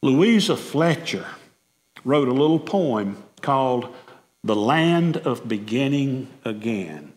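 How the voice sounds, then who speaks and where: A man's voice: medium pitch, big pitch swings, slow pace, a little mellow. A male pastor preaching a sermon emphatically, repeating words and asking questions. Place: church sanctuary. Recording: long reverb of a church sanctuary.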